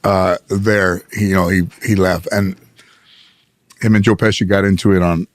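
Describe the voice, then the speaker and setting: A man telling casual stories as a guest, animated and acting out the people he quotes. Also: sits low, normal speed, dry recording. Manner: animated, acts out quotes with shouty impressions. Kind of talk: casual storytelling.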